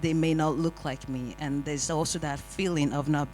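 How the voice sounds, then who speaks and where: A panel speaker telling lively, wry personal stories in a discussion. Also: medium pitch, normal speed, soft background music, low-quality recording. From Nigeria. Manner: animated, wry storytelling with acted-out quotes. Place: community hall panel.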